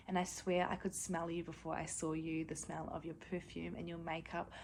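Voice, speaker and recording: Young NZ woman, low and creaky, fond and casual tribute read. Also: monotone, normal speed, a little hiss or hum. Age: 20s. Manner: fond, with small laughs and fillers. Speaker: granddaughter and mother. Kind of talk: heartfelt family tribute message.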